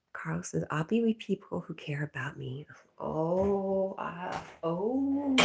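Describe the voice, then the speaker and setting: A woman hosting a casual livestream, reading viewer comments aloud, talking to her dog and often dropping to a soft whisper. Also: on the low side, creaky. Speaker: livestream host.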